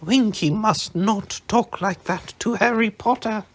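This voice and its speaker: A man's voice: on the high side, creaky, slightly rough, pitched above the performer's own voice, heavily acted. A man voicing a devoted male house-elf who talks in an eager, humble way. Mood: earnest. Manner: eager, quick to scold.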